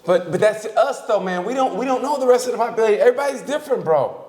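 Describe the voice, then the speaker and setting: Male podcast co-host, quick and rambling, slightly high voice, roomy echo. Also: lively intonation, a little mellow. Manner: rambling, repeats "listen" and restarts, laughs while telling a story. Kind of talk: casual podcast banter.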